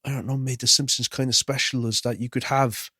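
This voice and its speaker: A man's voice: mid-range voice, fairly even intonation, fairly quick, pushed and bright, husky, no room sound, clean studio sound. A man co-hosting a podcast, chatting casually and with strong opinions about films and TV. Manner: chatty, opinionated, does little mock voices. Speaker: podcast co-host. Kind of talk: casual film chat.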